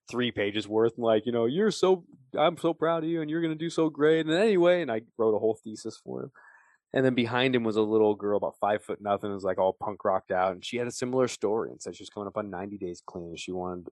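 A middle-aged man hosting a podcast, telling a personal story in an earnest, animated way with frequent fillers. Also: lowish voice, no echo. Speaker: podcast host.

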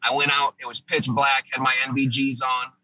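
A man's voice: medium pitch, flat delivery, normal speed, sharp tone, no room sound, highs cut off. A man from the United States, a former army sergeant and podcast guest, telling a vivid first-person war story in casual interview talk with frequent restarts.

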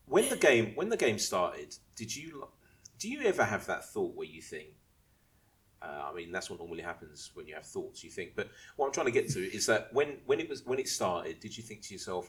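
A man's voice: deep voice, lively intonation, a little fast, fairly bright tone. A man co-hosting a casual football podcast, rambling, restarting his questions and explaining things at length. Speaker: podcast co-host.

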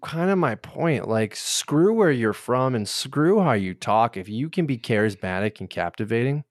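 A man's voice: mid-range voice, expressive, normal speed, no room sound. Blunt opinionated young man, dry close mic. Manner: blunt, opinionated, swears freely. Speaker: podcast co-host. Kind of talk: casual sports chat.

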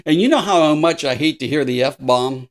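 A man's voice: fairly high pitch, expressive, moderate pace. A man in his sixties co-hosting a casual podcast chat, laughing often and acting out little voices in his stories. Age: 60s. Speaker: podcast co-host.

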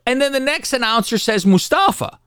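Animated, swearing male podcast co-host. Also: a little high, normal speed, no room sound, clean studio sound. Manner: profane, animated storytelling. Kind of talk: casual wrestling recap chat.

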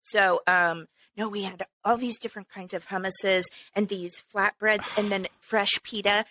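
A woman's voice: mid-range voice, fairly even intonation, normal speed, pushed and bright, no room sound. A woman co-hosting a podcast, telling a story in casual chat and laughing often. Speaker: podcast co-host.

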